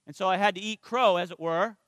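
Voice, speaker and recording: High-voiced man preaching a story-filled sermon. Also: dry recording, studio quality. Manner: conversational, asks the congregation for responses; slows and softens on spiritual points. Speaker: minister. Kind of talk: sermon with personal stories.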